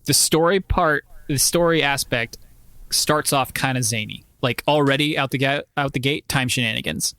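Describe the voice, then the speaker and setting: A man's voice: medium pitch, normal speed, pushed and bright, dry recording. A man co-hosting a gaming podcast in casual chat, joking and teasing his co-host.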